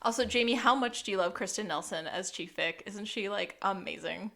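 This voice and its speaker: A woman's voice: medium pitch, brisk, vocal fry, fairly bright tone. Chatty woman podcast co-host. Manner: chatty, laughs often, filler "like". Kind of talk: casual chat.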